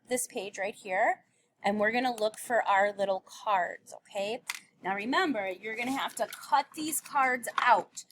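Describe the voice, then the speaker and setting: A woman's voice: on the high side, fairly bright tone, slight background noise. A woman teacher giving a recorded phonics lesson to young children, patiently sounding out letters and words.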